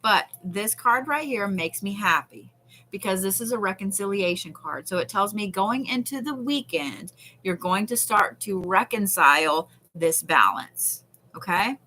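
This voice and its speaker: A woman's voice: mid-range voice, lively intonation, unhurried, bright, forceful tone, slight background noise. A woman giving a chatty live tarot reading, swearing casually and reassuring her viewers. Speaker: tarot reader. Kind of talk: live-stream card reading.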